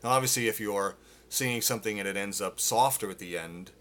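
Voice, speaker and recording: A middle-aged man teaching a live singing Q&A, explaining casually with lots of fillers and quick demonstrations. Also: lowish voice, bright, forceful tone. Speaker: vocal coach.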